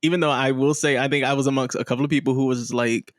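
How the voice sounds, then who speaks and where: A man co-hosting a casual podcast, animated and profane, acting out quotes with big vocal swings. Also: fast, dry recording, clean studio sound. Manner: animated, swears freely, acts out quotes with big pitch leaps. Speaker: podcast co-host. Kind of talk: casual chat.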